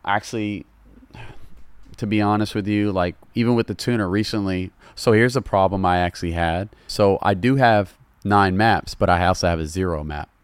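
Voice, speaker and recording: A man's voice: low-pitched, normal speed, smooth, dry recording. A man with a Southern US accent, a podcast guest talking loosely and casually, calling people bro. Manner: laid-back, loose, calls people bro. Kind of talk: casual chat.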